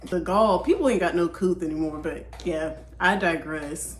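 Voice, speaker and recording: A woman's voice: fairly low pitch, moderate pace, hardly any pauses. A woman hosting a reaction video, commenting casually and talking straight to her viewers. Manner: chatty, talks straight to viewers. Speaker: host reacting to clips. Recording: echoey room with faint noise.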